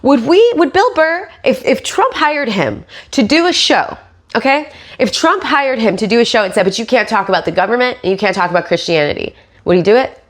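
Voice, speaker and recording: A woman's voice: fairly high pitch, lively intonation, a little fast. A woman podcast host and stand-up comic giving sarcastic, profane commentary.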